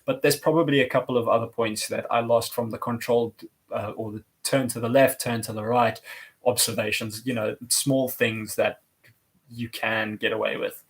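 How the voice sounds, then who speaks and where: A man's voice: mid-range voice, flat delivery, moderate pace. A man telling a story in a casual motorcycle vlog, talking in a rambling, chatty way. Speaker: motorcycle vlogger.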